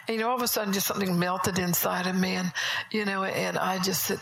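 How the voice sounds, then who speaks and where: A woman preaching a sermon at a church service, telling stories in a conversational way, often soft and whispery. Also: lowish voice, steady tone, fast talker, gravelly, poor audio.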